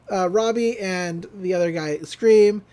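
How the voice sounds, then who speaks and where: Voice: medium pitch, mellow. A podcast co-host in a casual recap who rambles, laughs often and acts out the lines.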